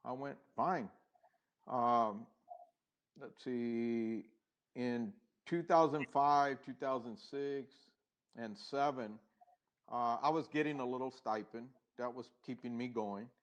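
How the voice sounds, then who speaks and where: A middle-aged man with a medium-pitched voice appears as a podcast guest, telling his own story in an unhurried, reflective way. He pauses and restarts, and acts out past conversations.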